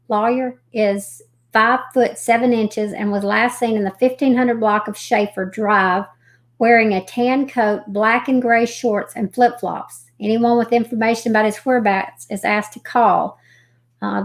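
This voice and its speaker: A woman hosting a live stream, reading missing persons reports aloud haltingly, with folksy chatty asides. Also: on the high side, fairly even intonation. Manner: reads haltingly, stumbling over names and restarting.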